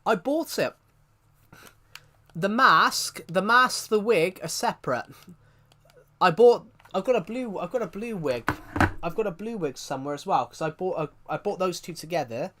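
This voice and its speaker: A man's voice: sits high, animated, normal speed, sharp tone. A man chatting casually on his livestream, rambling and often restarting his sentences.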